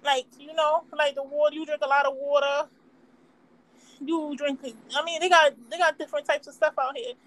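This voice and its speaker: A young woman talks in a high, bright voice, chatty and easygoing. She strings her thoughts together with "like" and "you know," laughing as she goes. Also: little pitch movement, normal speed, low-quality recording. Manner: chatty, laughs often, lots of "like". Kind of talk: casual chat.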